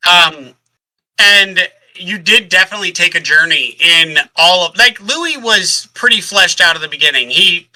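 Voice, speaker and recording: A man co-hosting a casual book podcast, animated, laughing often and swearing freely. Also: sits high, normal speed, poor audio. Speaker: podcast co-host. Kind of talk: casual book-club chat.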